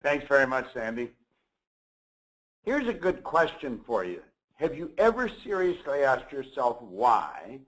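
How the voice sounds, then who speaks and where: A man hosting a motivational webinar, speaking in a measured, emphatic teaching manner. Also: medium pitch, huge pitch swings, fairly bright tone, rough recording. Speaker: seminar host.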